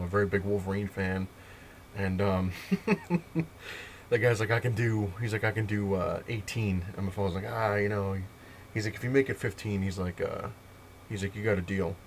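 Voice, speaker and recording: A man tells a story straight to camera, piling on fillers as he rambles along. His voice sits low and he talks at a brisk clip. A faint hiss runs under the recording. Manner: rambling, filler-heavy retelling. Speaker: comic collector vlogger.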